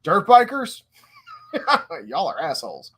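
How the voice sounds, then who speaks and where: Man, podcast co-host, slightly high voice, blunt and opinionated. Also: huge pitch swings, slow, a bit bright, slightly rough. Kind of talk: casual chat.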